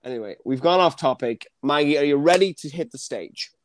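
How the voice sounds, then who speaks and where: A man's voice: fairly high pitch, animated, fairly quick, slight background noise. Joking man hosting a comedy show. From Ireland. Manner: jokey, slips into celebrity impressions. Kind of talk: casual chat.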